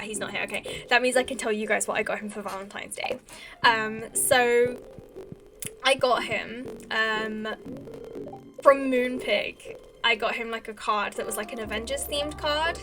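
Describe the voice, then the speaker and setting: A young woman streaming a farming game, rambling casually to her chat with lots of fillers and restarts. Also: fairly high pitch. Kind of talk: casual chat while gaming. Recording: game music behind the voice.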